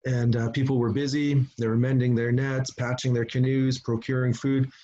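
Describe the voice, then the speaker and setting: A middle-aged man from Canada, a chief giving a conference talk, telling a story unhurriedly with frequent pauses and restarts over a video call. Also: medium pitch, level tone, mellow, muffled recording. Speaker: Indigenous chief and conference speaker. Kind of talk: storytelling presentation.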